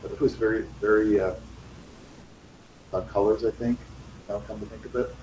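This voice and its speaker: Man, low mellow voice, halting with fillers, far from the mic, echoey room. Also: steady tone, a little hiss or hum. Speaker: meditation student. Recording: distant, roomy video call audio.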